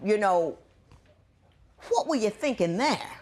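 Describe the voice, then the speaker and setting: A woman's voice: mid-range voice, expressive, slow pace, a little mellow. A woman presiding as judge on a courtroom TV show, asking pointed questions and scolding bluntly.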